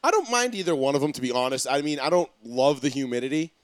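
A man's voice: medium pitch, lively intonation, quick pace, no room sound. A young adult man co-hosting a casual sports radio talk show, loose and joking, swearing freely.

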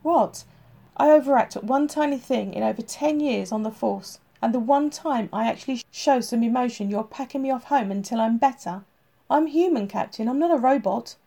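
A woman's voice: a little high, moderate pace, vocal fry, dark tone. A woman voicing a stubborn, frustrated male police detective stuck in a hospital bed, pushing back in a raised voice in an audiobook reading. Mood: indignant. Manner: defensive, raised and pushy.

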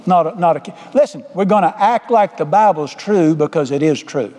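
Older male preacher, quick folksy storyteller, sermon recorded in a reverberant hall. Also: a little high, animated, darkish tone. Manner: folksy, humorous, drawling storyteller. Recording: echoey hall.

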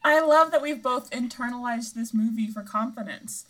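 A woman's voice: fairly high pitch, moderate pace, background noise. A young woman co-hosting a podcast, chatting casually and laughing often. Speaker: podcast co-host. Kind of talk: casual chat.

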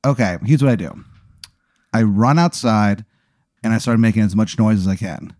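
Low-voiced man riffing playfully. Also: moderate pace, a little mellow, no echo, clean studio sound. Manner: playful, thinks aloud with restarts. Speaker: podcast guest. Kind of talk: casual podcast chat.

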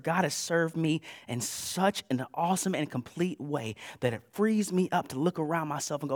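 A man preaching a sermon in a casual, conversational way, moving between loud bursts and hushed asides. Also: a little high, expressive, normal speed, few pauses, dry recording, clean studio sound. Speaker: pastor.

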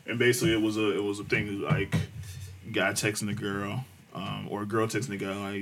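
A man telling a profane, animated story in casual chat, acting out the people he quotes. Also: lowish voice, brisk.

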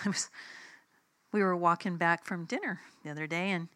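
A woman's voice: on the low side, normal speed, a bit bright, slight background noise. A woman preacher giving a sermon in a conversational, emphatic way, telling personal stories and acting out the dialogue.

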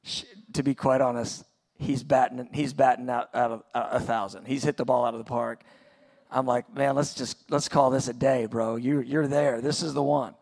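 This pastor, in his forties, has a steady, mid-range voice that's creaky and a little mellow. He tells a personal story in a conversational, halting way while preaching a sermon in a church auditorium.

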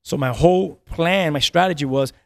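This is a fairly high, gravelly male voice at a moderate pace, with no room sound. He's a pastor in his thirties earnestly recounting a personal story for a podcast. He repeats his words often and laughs between lines.

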